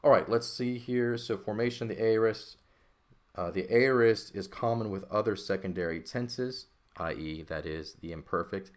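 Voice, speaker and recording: Deep-voiced man teaching a language lesson. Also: normal speed. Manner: explanatory, checks in with "okay" and "right"; thinks aloud, self-correcting. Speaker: Greek teacher.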